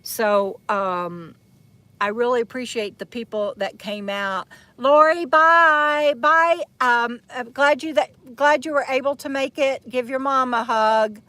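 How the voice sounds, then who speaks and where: Chatty woman, slightly high voice. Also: a little slow, a bit bright, dry recording. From Texas. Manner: chatty, rambling, laughs often. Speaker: vlogger hosting a live chat. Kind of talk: casual live-stream chat. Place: outdoors in the shade beside an RV.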